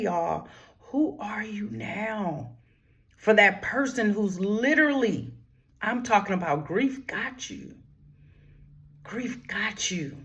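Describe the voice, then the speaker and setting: With a low, gravelly voice, this grief therapist and channel host talks about grief straight to her audience, calling them "y'all." Her delivery is emphatic and preacherly, moving from hushed whispers to raised, forceful lines.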